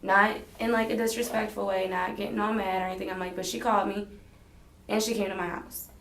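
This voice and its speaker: A woman's voice: medium pitch, flat delivery, fairly quick, a bit bright. A woman giving a rambling, hedging statement in a police interrogation, retelling conversations as she talks. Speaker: interrogation subject. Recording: echoey interrogation room.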